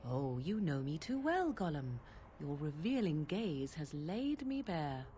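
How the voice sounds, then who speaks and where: A sardonic young witch trades dry, cutting barbs in a fairly low voice. Her game dialogue trails into a long reverb. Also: very animated, a little slow, mellow, slight background noise. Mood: sarcastic. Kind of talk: video game voice acting.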